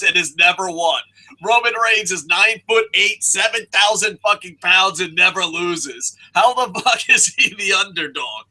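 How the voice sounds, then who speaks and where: A man co-hosting a wrestling podcast in loose, casual chat. His voice is very bright and sits fairly high for a man. He rants with excitable energy and heavy profanity. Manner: profane, excitable ranting with frequent laughs.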